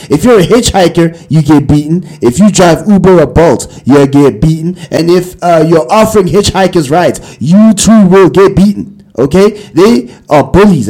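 A man talks through the day's headlines in a loose, chatty way. He repeats phrases as he thinks and laughs easily, and his voice sits a bit high for a man. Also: darkish tone. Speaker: show host. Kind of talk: casual news chat.

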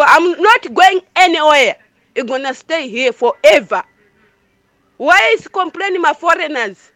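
A woman's voice: very high-pitched, lively intonation, unhurried, bright, forceful tone, no room sound. Emphatic woman caller from Malawi. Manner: emphatic, repetitive, in broken English. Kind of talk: impassioned call-in speech.

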